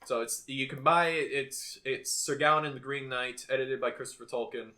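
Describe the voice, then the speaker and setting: A young man co-hosts a podcast, chatting casually in a mid-range voice with fairly even intonation, a moderate pace, and a sharp tone. He is bookish and rambling, often restarts his sentences, and reads poetry aloud.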